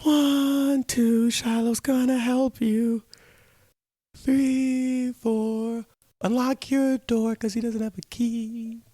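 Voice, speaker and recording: Man doing a creepy horror-film nursery chant, slow, high, hushed sing-song, close and dry. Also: steady tone, husky, no room sound, heavily acted. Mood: eerie.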